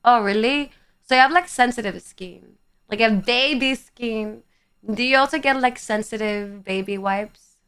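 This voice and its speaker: Young woman streamer in her twenties, unhurried delivery and a smooth, clear tone; playful and teasing, swears casually. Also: on the high side, fairly bright tone. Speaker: livestreamer. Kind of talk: casual chat reading viewer comments.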